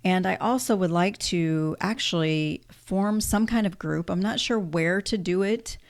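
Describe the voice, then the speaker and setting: Gravelly-voiced tired woman in her fifties. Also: fairly low pitch, measured pace. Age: 50s. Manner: candid and self-deprecating, with sarcastic asides. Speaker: vlogger. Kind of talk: casual chat to camera.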